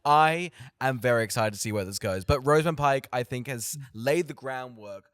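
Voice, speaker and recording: A man's voice: medium pitch, moderate pace, a bit bright, clean tone, dry recording, clean studio sound. A man co-hosting a podcast, chatting enthusiastically and rambling, often trailing off mid-sentence. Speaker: podcast co-host. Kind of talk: casual chat.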